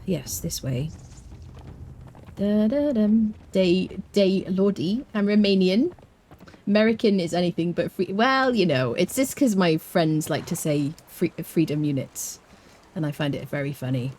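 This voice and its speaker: A Scottish woman chatting playfully to viewers as she plays and guides a game, with careful, clear enunciation. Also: on the low side, moderate pace, darkish tone. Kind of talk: casual live-stream gameplay commentary.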